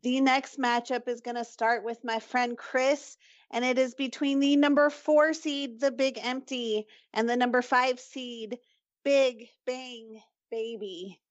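Woman, bright high voice, playful podcast host, dry and slightly dull sound. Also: steady tone, slow, no echo. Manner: playful, teasing, moves things along. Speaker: podcast host running the bracket. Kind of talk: casual podcast hosting.

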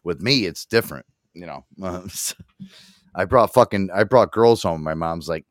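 A man's voice: low-pitched, normal speed, dry recording, clean studio sound. A young man hosting a casual podcast chat, rambling, laughing and swearing often. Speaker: podcast host.

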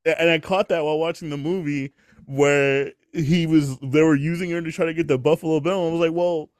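A man's voice: on the high side, fairly even intonation, a little fast, clean tone, dry recording, studio quality. A man hosting a podcast, chatting casually and animatedly, swearing freely and laughing often. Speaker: podcast host. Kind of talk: casual chat.

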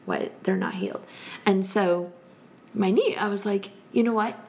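A woman in her thirties, a podcast guest telling a story in casual chat, animated and laughing often as she acts out quotes. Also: mid-range voice, moderate pace.

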